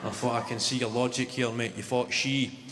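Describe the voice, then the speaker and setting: A man's voice: mid-range voice, flat delivery, normal speed, over a noisy crowd. A Glaswegian man doing a stand-up comedy set, telling stories with punchy delivery and mimicked voices. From Scotland. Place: comedy venue stage. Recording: reverberant venue with loud audience noise.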